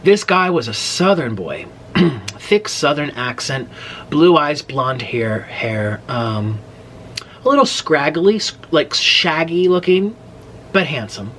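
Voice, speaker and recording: A man in his late twenties hosts a mukbang and chats straight to camera. His voice sits a little high and swoops all over the place as he rambles. He keeps cutting himself off mid-thought to start over. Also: takes it slowly, a little hiss or hum. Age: late 20s. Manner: animated, rambling, breaks off mid-sentence. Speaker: mukbang host. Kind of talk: casual storytelling chat to camera.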